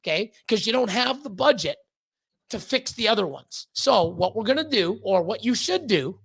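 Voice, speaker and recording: Gravelly, blunt, swearing man. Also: high-pitched, lively intonation, moderate pace, fairly bright tone, no echo. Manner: blunt, heavy swearing, repeats words when worked up. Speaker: podcast guest, snake breeder. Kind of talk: candid ranting conversation.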